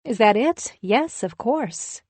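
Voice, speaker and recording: A woman narrator voicing a gushing, conspiratorial female best friend in an audiobook, speaking in a hushed, sympathetic way. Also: on the high side, animated, slow, breathy edge, dry recording, voice pushed up, full character voice. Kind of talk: audiobook character voice.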